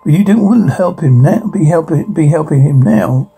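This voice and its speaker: A man's voice: a little high, animated, normal speed, vocal fry, warm tone, slightly rough, heavily acted, low-quality recording. An actor playing the mocking evil double of a male hero, lewd and cruel, taunting in a TV horror-comedy. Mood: gloating.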